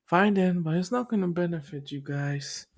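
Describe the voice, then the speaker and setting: A man's voice: a little high, normal speed, vocal fry, voice pushed up. A man doing a smug, offhand teenage hero.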